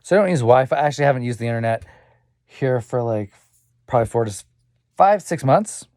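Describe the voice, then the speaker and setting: A young man rambles through a personal vlog monologue, repeating himself and swearing freely. His voice sits at an ordinary middle pitch, with sighs and muttered asides. The recording is dry, with no room echo. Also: lively intonation, a little fast, darkish tone. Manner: rambling, profane and repetitive. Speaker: vlogger.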